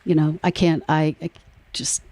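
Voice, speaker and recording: Low-voiced woman giving an emotional speech. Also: steady tone, normal speed. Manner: emotional, warm storytelling with laughs. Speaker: nonprofit board treasurer. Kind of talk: speech at a public event.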